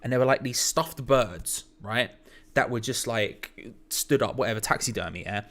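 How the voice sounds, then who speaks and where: A man's voice: medium pitch, normal speed. A man hosting a casual football watch-along, telling stories and laughing with slang-filled banter. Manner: lively, laughing, storytelling with slang. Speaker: podcast host.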